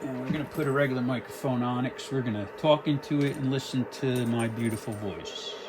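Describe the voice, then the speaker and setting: A man's voice: medium pitch, brisk, noisy background. A man casually demonstrating a radio, talking through his settings and counting test words into the mic. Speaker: radio equipment reviewer. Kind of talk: casual demo talk.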